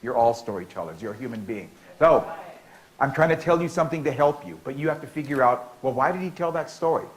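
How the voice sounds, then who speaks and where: A man's voice: medium pitch, expressive, quick pace, rough recording. A middle-aged man from the United States telling a story to a conference audience, repeating lines in a rhythmic way and leading the crowd in call-and-response. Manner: playful, leads audience participation with cues; repetitive, rhythmic oral storytelling.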